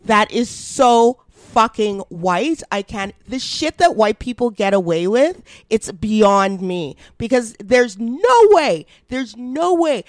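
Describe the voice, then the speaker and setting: A woman's voice: a little high, very animated, takes it slowly, few pauses, no echo, clean studio sound. A woman co-hosting a podcast, talking in heated, indignant casual chat and swearing freely. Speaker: podcast co-host.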